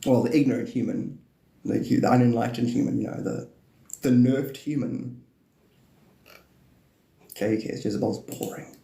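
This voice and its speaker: A man's voice: mid-range voice, fairly even intonation, moderate pace, vocal fry, long pauses, mellow, roomy sound. A man hosting a live stream, chatting in a rambling way, laughing often and swearing as he jumps between topics.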